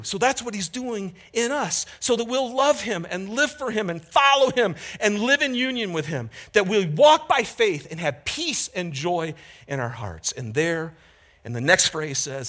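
A man preaching a sermon as pastor, candid and conversational, swinging from loud emphatic peaks to hushed moments. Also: high-pitched, expressive, normal speed.

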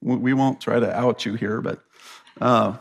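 A man's voice: mid-range voice, steady tone, unhurried, gravelly, slightly rough. An American man speaking to a church crowd in a conversational sermon, often checking in with the audience with "right?". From United States. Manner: chatty, keeps asking the audience "right?".

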